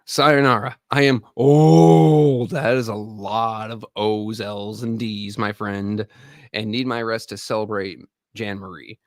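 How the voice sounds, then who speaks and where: A man's voice: fairly low pitch, steady tone, unhurried, a bit bright, no room sound, clean studio sound. A man in his thirties, an army veteran hosting a live stream, rambling and profane as he chats straight to viewers. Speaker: livestream host and army veteran. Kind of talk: casual live-stream chat.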